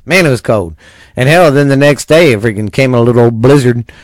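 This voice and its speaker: A laid-back man from Texas rambles through friendly podcast talk, swearing casually. His pitch is average for a man. The recording is dry and close, with no echo. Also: a little fast. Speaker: podcast host.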